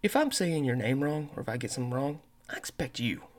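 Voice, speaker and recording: Male podcast host, casual monologue, rambling, swears a lot, mid-pitched voice. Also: expressive, fast, slight background noise. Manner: rambling, profane storytelling; says he has a terrible accent and mispronounces words.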